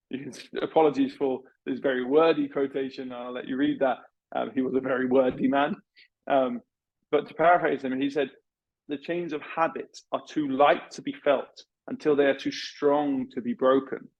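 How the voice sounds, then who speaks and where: A man's voice: medium pitch, gravelly, highs cut off. A man presenting a business session in an online webinar, talking casually and asking the audience rhetorical questions with many fillers. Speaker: veterinary business speaker.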